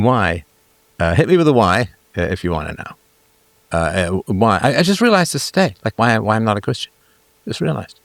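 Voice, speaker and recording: A man's voice: lowish voice, expressive, normal speed, no room sound. A middle-aged man hosting a live talk show, musing aloud in a jokey way, full of fillers and restarts. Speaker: host.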